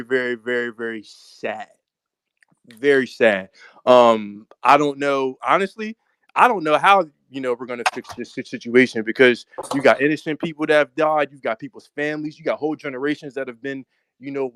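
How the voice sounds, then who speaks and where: An earnest man from Delaware weighs in on an online debate, hesitating and filling his pauses as he searches for words. His voice is smooth and clear at an ordinary male pitch, recorded dry with no room echo. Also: fairly bright tone. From Delaware, USA. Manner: earnest, hesitant, many fillers. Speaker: debate guest. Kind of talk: casual debate.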